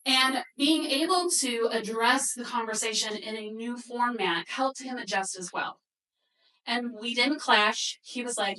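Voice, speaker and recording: A woman's voice: a little high, normal speed, pushed and bright, recorded from a distance, rough recording. A woman presenting a workshop to a live audience, telling a story and acting out the quoted dialogue. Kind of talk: workshop talk with slides.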